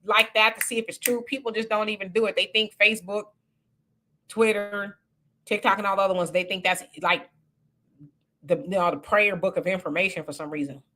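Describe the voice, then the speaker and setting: Bright-voiced chatty woman host. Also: medium pitch, a little fast. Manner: chatty, laughs often, animated asides. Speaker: livestream host reading viewer comments. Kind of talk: casual live chat.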